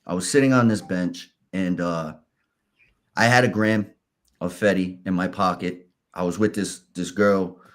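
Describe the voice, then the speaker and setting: A man, a podcast guest, telling his story candidly in a halting, casual way. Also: low voice, steady tone. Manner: candid, halting, restarts and fillers.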